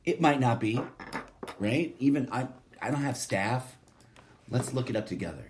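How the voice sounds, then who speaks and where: A man's voice: medium pitch, lively intonation, moderate pace, background noise. A man hosting a solo podcast, talking in a profane, sardonic, rambling monologue that keeps wandering off topic. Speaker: podcast host.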